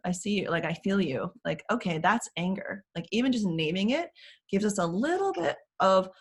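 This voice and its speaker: Chatty laughing woman coach, lowish voice. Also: husky. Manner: warm, chatty, laughs often. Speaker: parent coach. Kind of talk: interview guest explaining strategies.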